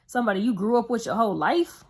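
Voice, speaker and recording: A woman's voice: a little high, fast, slightly rough. Young woman vlogging, rambly heartfelt storytime, lots of likes and you knows. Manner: earnest, rambling, heavy with fillers; emotional, heartfelt retelling. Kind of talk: casual storytelling to camera.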